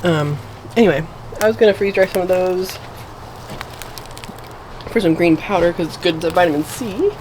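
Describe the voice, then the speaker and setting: A woman's voice: on the low side, moderate pace, pauses often, a little mellow, a little hiss or hum, low-quality recording. A woman giving a casual walkthrough of her garden and animals, chatting as she goes and talking sweetly to her pets. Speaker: homesteading vlogger. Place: outdoor yard and garden.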